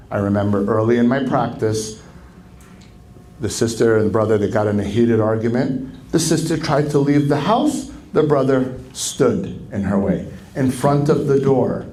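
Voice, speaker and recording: Male marriage counselor at a conference, mellow dark voice, lively lecture with acted-out quotes. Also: slight background noise, rough recording. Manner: animated, acts out quoted speech with sharp pitch jumps. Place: conference venue.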